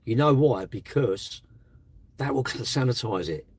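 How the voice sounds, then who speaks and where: A man's voice: mid-range voice, animated, a little slow, a little mellow, husky, no room sound. A man hosting a live stream, chatting bluntly and casually with his viewers. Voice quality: blunt, chatty, slangy delivery.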